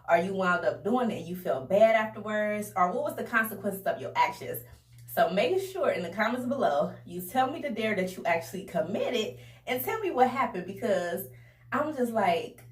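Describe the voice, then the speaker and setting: A young woman telling a casual storytime to her viewers in a chatty, animated way, often calling them y'all. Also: mid-range voice. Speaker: vlogger. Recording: roomy echo, a bit distant from the mic.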